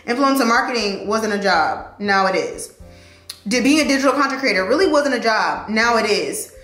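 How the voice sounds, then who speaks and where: A young woman chatting in a get-ready-with-me vlog, animated, slangy and emotional as she encourages her viewers. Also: on the high side, moderate pace, echoey room, faint music behind. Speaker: vlogger and lawyer.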